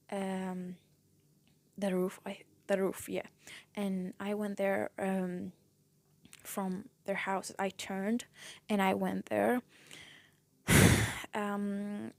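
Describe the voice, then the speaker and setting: Slow, breathy young woman, tearful. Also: medium pitch. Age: young adult. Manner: soft, halting, often drops to a whisper. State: tearful, voice breaking. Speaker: vlogger. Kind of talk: personal storytelling to camera.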